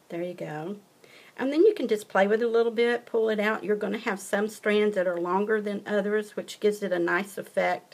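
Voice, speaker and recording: Southern woman, craft tutorial host, casual and folksy, encouraging, average pitch.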